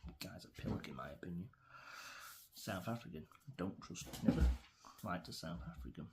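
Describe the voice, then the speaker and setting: A man's voice: deep voice, animated, moderate pace, vocal fry, heavy background noise. A middle-aged man with an English accent, rambling through an opinionated vlog rant with many fillers and restarts. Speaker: vlogger.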